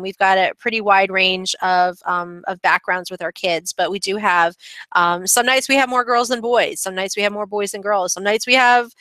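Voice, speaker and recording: A woman hosting her web design channel gives a casual, chatty screen-share update in a mid-range, sharp-toned voice. She uses lots of fillers and restarts, and the recording is dry.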